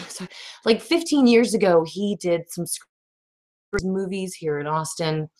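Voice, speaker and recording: A woman, hosting a casual livestream chat, rambling and reading out viewer comments in a raspy voice. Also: on the low side, measured pace, darkish tone. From Texas. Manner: rambling, laughs often, reads viewer comments. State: raspy today. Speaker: livestream host.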